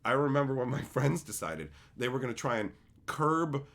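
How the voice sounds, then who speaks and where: A man ranting casually on a livestream, blunt and heavy on the swearing. His pitch rises and falls a lot as he tells stories in a combative way, and his voice sits in a middle range. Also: expressive, normal speed, vocal fry, fairly bright tone. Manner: profane, blunt, combative storytelling; acts out quotes with big swings in voice. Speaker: streamer and show host.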